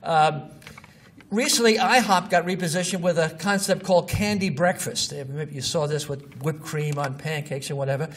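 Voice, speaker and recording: A man's voice: on the high side, moderate pace, fairly bright tone, husky. A man giving an informal lecture, walking through examples with blunt, scoffing asides. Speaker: marketing lecturer. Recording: distant mic with faint noise.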